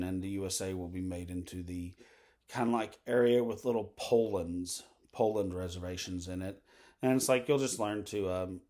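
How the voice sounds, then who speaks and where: Man, lowish voice, rambling vlog monologue, lots of fillers and tangents. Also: warm tone. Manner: meandering, full of fillers and asides. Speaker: vlogger.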